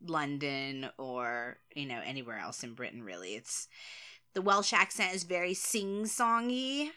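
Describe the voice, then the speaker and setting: A woman co-hosting and answering viewer questions in casual chat, laughing often and pausing on ums. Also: low-pitched, animated, pushed and bright. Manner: laughs often, hesitant with ums, self-deprecating.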